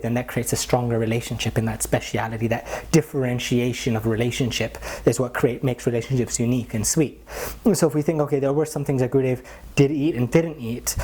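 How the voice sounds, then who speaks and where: A man, a spiritual teacher, telling anecdotes in a casual, animated way, acting out the voices of the people in his stories and often saying "like.". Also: mid-range voice. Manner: animated, acts out quoted voices, frequent "like" fillers. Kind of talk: casual storytelling talk.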